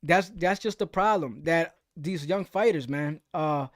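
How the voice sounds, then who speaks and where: A man's voice: a little high, unhurried, no room sound, clean studio sound. A young American man hosting a live stream. He chats casually and loosely about boxing, full of slang and repeated fillers. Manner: loose, slangy, repeats "you know what I'm saying". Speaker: livestream host. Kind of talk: casual live chat reading viewer comments.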